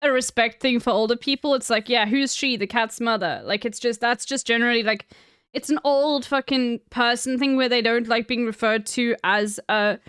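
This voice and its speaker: Blunt woman, crisp clear voice. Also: fairly high pitch, fairly even intonation, moderate pace, fairly bright tone, no room sound, clean studio sound. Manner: blunt and exasperated, with lots of fillers and swearing. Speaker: streamer. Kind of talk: casual chat reacting to a video.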